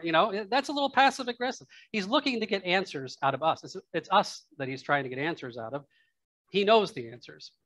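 A man preaching a sermon in a conversational, thinking-out-loud way. His voice sits a little high for a man. The sound is close and dry, with hardly any room in it. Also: no echo. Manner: conversational, musing aloud with asides and laughs. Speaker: pastor. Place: church.

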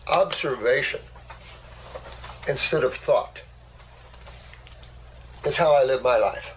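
A man's voice: mid-range voice, slow, slight background noise, poor audio. An older man hosting a casual talk, a blunt and boastful storyteller. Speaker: host. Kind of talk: casual conversation.

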